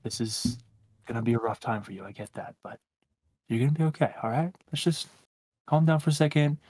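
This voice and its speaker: A man playing a gentle, soothing adventurer. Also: mid-range voice, normal speed, dry recording, natural voice. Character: calm male adventurer who tends the grieving.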